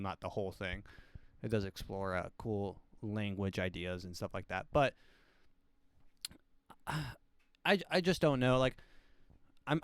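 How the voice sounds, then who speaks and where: A man in his twenties, a podcast host, talking in a rambling, hesitant way with deadpan jokes. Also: medium pitch, clean tone, dry recording, studio quality. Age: 20s. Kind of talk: casual solo commentary.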